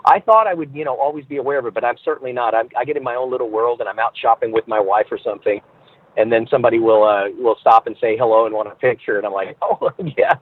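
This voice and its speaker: A man's voice: mid-range voice, quick pace, dry recording. Storytelling man on a tinny phone line. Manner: animated storyteller who acts out voices. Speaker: guest entertainer. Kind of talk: podcast interview, storytelling.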